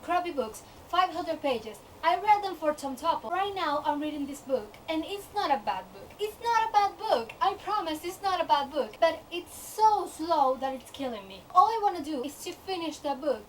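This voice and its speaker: A young woman book vlogger ranting to camera in a chatty, exasperated way, acting out the voices in her head. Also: sits high. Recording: distant mic with faint noise.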